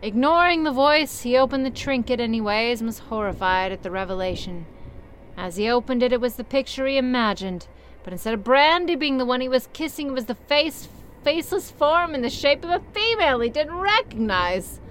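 A woman's voice: sits high, animated, a little fast, a bit bright, a little hiss or hum. A young woman reading a story aloud and mocking it with sarcastic, swearing asides. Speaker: story reader.

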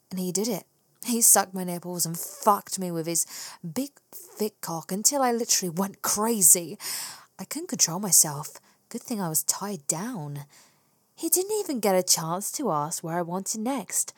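A woman narrating an erotic first-person story, often slipping into breathy whispers with a slow, sultry delivery. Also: lowish voice, lively intonation, no room sound.

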